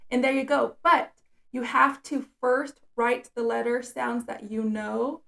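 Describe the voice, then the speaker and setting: A woman's voice: fairly high pitch, vocal fry. A woman special education teacher explaining reading activities step by step in a patient instructional video.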